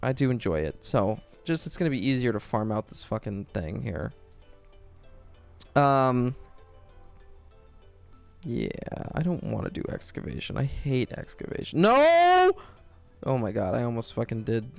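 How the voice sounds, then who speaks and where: A man's voice: medium pitch, lively intonation, moderate pace, creaky, pauses often, a little mellow, faint music behind. A young man streaming a video game, chatting casually in a rambling, crude and joking way, full of swearing. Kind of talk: casual gaming stream chat.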